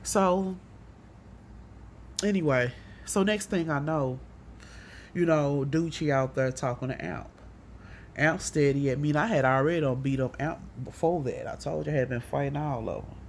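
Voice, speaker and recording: A woman telling a rambling personal story in a casual monologue, profane and animated, often acting out what others said. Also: low-pitched, moderate pace, a little hiss or hum.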